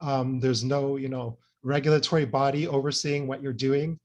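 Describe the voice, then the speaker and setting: A man's voice: mid-range voice, flat delivery, normal speed, darkish tone. A man giving an academic lecture in a conversational way, peppering his talk with fillers and tag questions. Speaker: invited speaker.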